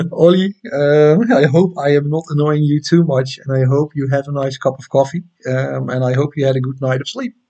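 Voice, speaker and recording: A man's voice: a little high, fairly even intonation, moderate pace, dark tone, highs cut off. A man with a Dutch accent hosting an astronomy livestream, chatting casually and reading viewer comments with many hesitant ums and restarts. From Netherlands.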